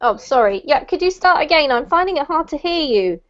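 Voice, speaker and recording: Woman, pronunciation teacher, encouraging, chatty, highish voice, dull lo-fi call sound. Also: expressive, a little fast, a bit bright. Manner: encouraging, chatty, laughs often. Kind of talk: online class instruction. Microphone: video call.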